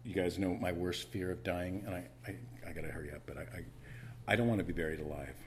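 A man preaching a sermon to his church, animated, swinging between loud bursts and hushed asides, with frequent stammering restarts. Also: sits low, fast talker, slight background noise. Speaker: pastor.

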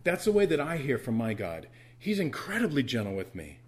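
A man's voice: mid-range voice, huge pitch swings, fairly quick, a little mellow, slightly rough. A man preaching an earnest, tender sermon in a church as the pastor.

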